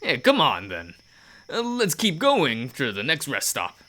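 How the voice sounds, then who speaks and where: A man's voice: mid-range voice, huge pitch swings, measured pace, sharp tone, pitched above the performer's own voice, full character voice. A man doing Jesse, a folksy, easygoing biker. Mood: cheerful. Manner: homespun folksy speech. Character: folksy easygoing male biker, friendly and talkative.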